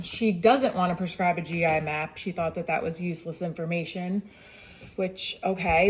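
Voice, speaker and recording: A woman's voice: fairly low pitch, slight background noise. A woman in her forties, a mother, telling her own story in a casual, chatty way and often acting out what others said.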